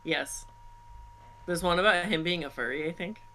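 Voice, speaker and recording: A man with a bright, sharp voice throws quick slangy quips into a casual panel chat. A faint hum sits under his mic, and his pitch is slightly high. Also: rough recording. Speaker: podcast co-host.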